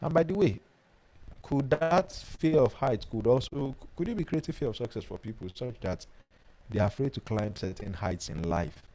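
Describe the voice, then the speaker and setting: A man, a life coach teaching a webinar and telling personal stories in an animated way. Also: mid-range voice, normal speed, rough recording. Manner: animated storyteller who reads out viewer comments.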